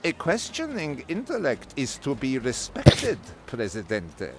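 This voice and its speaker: A scheming male envoy from a strategy game, formal and flattering. His pitch swings widely as he wheedles. He speaks over soft game music. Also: unhurried. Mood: sly formal. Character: sly male foreign envoy, scheming and polite.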